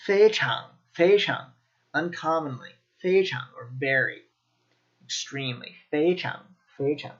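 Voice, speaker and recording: A man teaching Mandarin pronunciation in a slow, demonstrative way, repeating each sound. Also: a little high, fairly bright tone, highs cut off. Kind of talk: pronunciation lesson.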